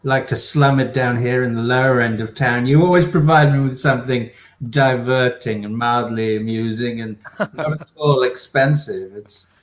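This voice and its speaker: A man's voice: mid-range voice, moderate pace, echoey room, lightly acted. A man voicing a snooty, condescending rich art patron who talks in a haughty drawl.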